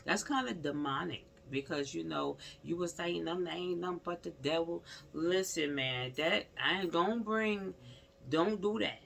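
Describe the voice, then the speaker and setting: Male vlogger, casual rant-style commentary, gravelly with some fry, keeps repeating himself. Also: on the high side, moderate pace, fairly bright tone. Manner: rambling, repetitive, exclamatory, talks straight to the subject.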